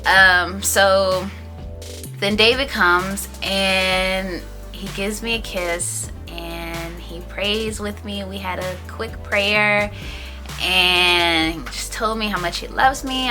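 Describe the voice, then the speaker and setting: A beauty vlogger in her thirties tells a personal story in a casual vlog, speaking slowly in a bright, clear, mid-range voice over faint background music. She's animated and acts out the other people in the story with raised voices.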